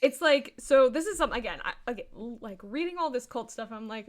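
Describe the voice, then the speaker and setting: An animated young woman holds forth in casual livestream chat, her voice slightly high. She speaks with strong opinions and peppers her sentences with "like" as she builds her point. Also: fairly quick. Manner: animated, opinionated, many fillers like "like". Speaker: co-host.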